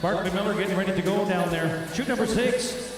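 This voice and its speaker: A man giving color commentary at a rodeo, excitedly cheering riders on. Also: high-pitched, brisk, distant mic. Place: indoor rodeo arena. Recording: echoey arena PA heard from afar.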